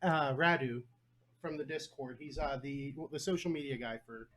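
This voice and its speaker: A man's voice: medium pitch, moderate pace, fairly bright tone. A man hosting a live tabletop game stream as game master, chatty and joking. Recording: faint background noise.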